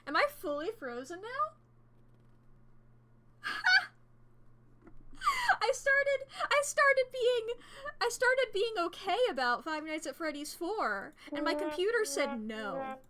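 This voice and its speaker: A woman streaming a game, chatting casually and excitably, swearing freely and rambling as she plays at a home desk setup. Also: extremely high pitch, slow, a loud crowd. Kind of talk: casual gameplay commentary.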